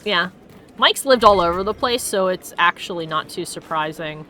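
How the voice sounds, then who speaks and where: Bright-voiced laughing woman gaming streamer. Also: on the low side, expressive, normal speed, a little hiss or hum. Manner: chatty, laughs often, reacts loudly to the game. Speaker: streamer playing a game. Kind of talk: casual let's-play chat.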